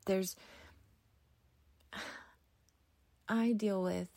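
A woman's voice: mid-range voice, fairly even intonation, very slow, vocal fry, dark tone, no echo. A middle-aged woman hosting a podcast, sharing her personal testimony in an earnest, emotional way with many restarts. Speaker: podcast host.

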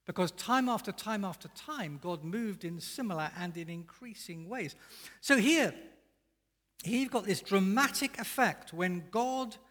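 A male pastor preaching in a fairly high, lively voice that swings up and down with emphasis. His words ring out with a long echo, as in a large church hall. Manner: expressive, emphatic preaching with rising and falling intensity. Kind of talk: sermon.

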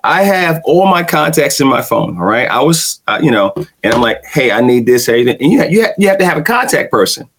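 A man's voice: mid-range voice, big pitch swings, a little fast, few pauses, fairly bright tone, a little hiss or hum. A laid-back middle-aged man in casual conversation, often repeating himself and agreeing with "right.".

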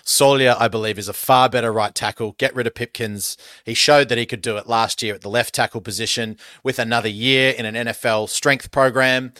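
A man's voice: mid-range voice, fairly even intonation, fairly quick, hardly any pauses, sharp tone, no room sound, clean studio sound. An Australian man hosting a sports podcast, talking in an emphatic, decisive way. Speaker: podcast host. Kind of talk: casual podcast chat.

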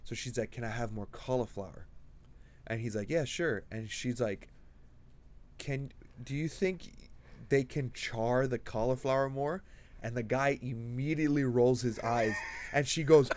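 A young man co-hosting a podcast, telling anecdotes with lively acted-out bits. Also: mid-range voice, measured pace. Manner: animated storyteller, acts out people in anecdotes. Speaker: podcast co-host. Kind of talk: casual chat.

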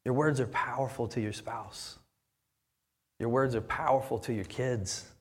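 A man's voice: mid-range voice, a little slow, slightly rough. Earnest male pastor in a reverberant hall. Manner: earnest, repeats words when fired up. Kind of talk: sermon with live demonstration. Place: church sanctuary. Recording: long reverb of a church hall.

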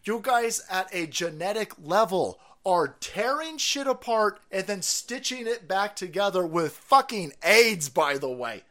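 Guy streaming, cussing up a storm, high voice swinging all over, bright. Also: expressive, a little slow, few pauses. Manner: foul-mouthed, ranting, incredulous. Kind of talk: profane conspiracy rant.

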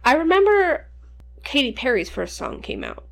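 A woman's voice: high voice, wildly swooping pitch, normal speed, vocal fry. Young woman rambling thru a swear-heavy story, voice bouncing all over. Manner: rambling, profane, laughing storyteller. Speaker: podcast co-host. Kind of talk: casual storytelling chat.

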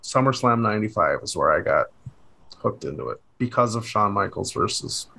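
A man from Minnesota co-hosting a podcast, telling crude stories in an animated way and laughing often. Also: lowish voice, normal speed, vocal fry. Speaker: podcast co-host. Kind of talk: casual chat.

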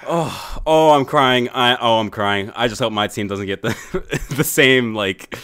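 A young man chatting casually and reacting to a live draft, excitable and quick to laugh. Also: medium pitch, clean tone. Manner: excitable, laughs often, pleading and teasing.

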